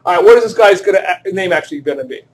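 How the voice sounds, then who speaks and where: High-voiced male chemistry teacher, joking. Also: expressive, racing. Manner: joking, self-deprecating, asks the class questions. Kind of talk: classroom lecture. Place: classroom.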